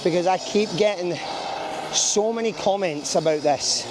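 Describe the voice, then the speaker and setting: A man's voice: sits high, a little slow, noisy background. A man with a Scottish accent vlogging casually outdoors in a small town, chatty and jokey, rambling as he walks. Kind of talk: casual travel vlog to camera.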